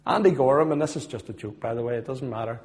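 A middle-aged man with a Belfast accent tells his testimony as a sermon, earnest, swelling loud on points of faith and then dropping low and soft. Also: fast. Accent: Northern Irish, Belfast. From Northern Ireland. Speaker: former footballer giving testimony.

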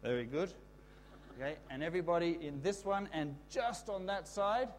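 A man giving a children's talk in church, explaining a word and leading the kids in call-and-response shouts. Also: a little high, lively intonation, moderate pace. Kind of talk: children's sermon.

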